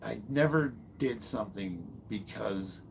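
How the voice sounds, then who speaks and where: A man in his fifties, a former Marine, telling a long personal story in a casual, halting way, swearing freely and stopping to restart his sentences. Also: fairly low pitch, gravelly, slight background noise. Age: 50s. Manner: halting, profane, full of fillers and restarts. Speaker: fitness vlogger and former Marine.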